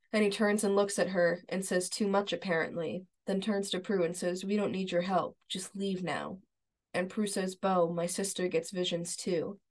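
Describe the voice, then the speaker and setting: A woman co-hosting a podcast, chatting casually and retelling scenes from an episode step by step. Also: fairly low pitch. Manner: agreeable, many fillers like "like" and "yeah". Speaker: podcast co-host. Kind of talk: casual chat, recapping a TV episode.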